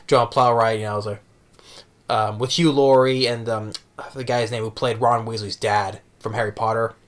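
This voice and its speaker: A man talking casually as a movie reviewer, halting with many restarts and fillers. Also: medium pitch, flat delivery. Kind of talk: casual vlog talk.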